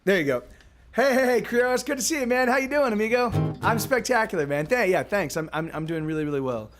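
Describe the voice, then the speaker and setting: Man, high voice, live music stream, guitar playing along, chatty, stammering, laughs a lot. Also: animated, a little fast. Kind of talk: singing songs then casual chat with viewers.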